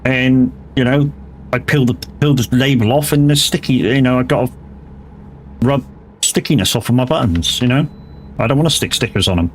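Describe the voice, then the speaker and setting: At normal speed and medium pitch, a man from England chats casually during a livestream of a driving game, with slight background noise. He's a gaming streamer who rambles on chattily and swears freely.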